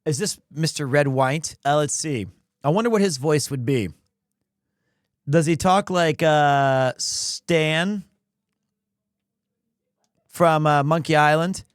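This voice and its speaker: A man's voice: fairly high pitch, takes it slowly, pauses often, dry recording, studio quality. A man streaming a game live, commenting playfully and animatedly as he plays.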